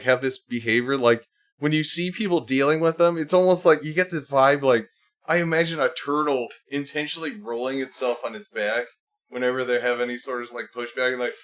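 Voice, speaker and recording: A man with a mid-range, fairly bright voice talks at a moderate pace. He hosts a casual livestream where he reads posts aloud and sarcastically mocks them in whiny put-on voices, rambling with plenty of fillers and restarts.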